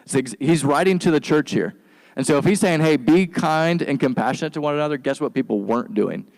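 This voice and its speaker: A man preaching a sermon as pastor, in a relaxed, slangy, conversational way, and he sometimes acts out quick lines for the people in his stories. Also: on the high side, vocal fry. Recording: long hall reverb.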